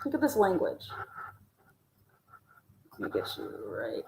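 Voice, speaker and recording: A woman's voice: mid-range voice, unhurried, creaky, reverberant, noisy background. A woman hosting a call-in show, talking casually and acting out imagined dialogue as she makes her case. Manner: animated, acts out imagined dialogue. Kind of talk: casual commentary.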